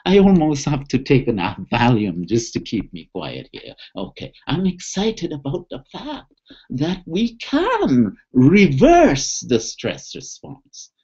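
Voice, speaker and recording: Slow, lively-voiced man coaching stress relief. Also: high voice, lo-fi sound. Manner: enthusiastic, coaxing, slow and deliberate. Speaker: webinar presenter on stress. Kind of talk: motivational talk with guided relaxation.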